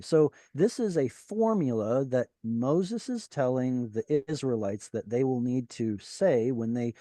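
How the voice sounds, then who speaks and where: A man teaching an online class over a video call, explaining patiently and pausing often with fillers and restarts. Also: mid-range voice, mellow, no echo. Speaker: Hebrew teacher.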